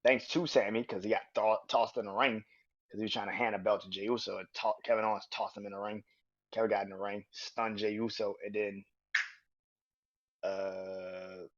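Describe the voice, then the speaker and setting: A man hosting a podcast, excitedly retelling wrestling scenes in a casual recap. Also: lowish voice, highs cut off. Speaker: podcast host.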